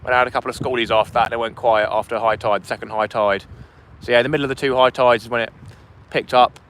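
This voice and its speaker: Speaking at a quick pace, a man with a steady, mid-range, fairly bright voice chats with fishing livestream viewers. He's outdoors by the sea wall on a vertically held phone, reading chat aloud and thanking donors.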